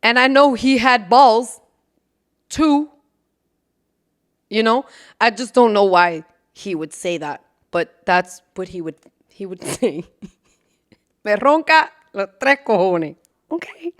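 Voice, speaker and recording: Speaking slowly with frequent pauses, a woman with a fairly high voice runs a laid-back solo podcast. She curses freely, laughs often, switches into Spanish now and then, and lowers her voice to loud whispers for asides.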